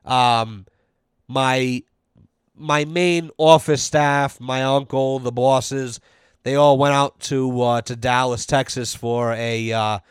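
Young man, podcast host, casual profane storyteller, smooth clear voice, dry close sound. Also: mid-range voice, steady tone, slow, no room sound. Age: young adult. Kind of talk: casual monologue.

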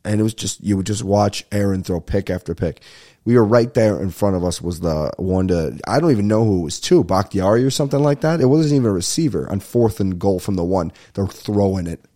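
A young man hosting a casual solo podcast, ranting and telling a story in a profane, rambling, animated way. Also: lowish voice, fairly quick. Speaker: podcast host. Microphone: podcast microphone at a desk.

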